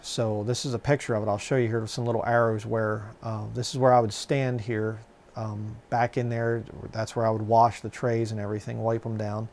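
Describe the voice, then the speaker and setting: Gravelly-voiced man telling stories. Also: lowish voice, level tone, brisk, darkish tone, slight background noise. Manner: rambling, many fillers and restarts. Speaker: channel host. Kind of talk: casual personal storytelling.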